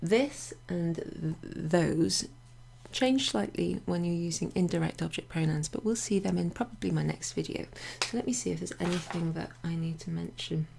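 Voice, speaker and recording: A woman teaching a casual French grammar lesson to her club members, chatty and relaxed, with many fillers and asides. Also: lowish voice, moderate pace, creaky, slight background noise. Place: home near a greenhouse.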